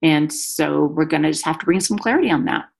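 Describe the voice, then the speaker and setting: A woman guest in a faith-based conversation who talks in quick, animated bursts with teasing humor. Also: low-pitched, vocal fry. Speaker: guest speaker.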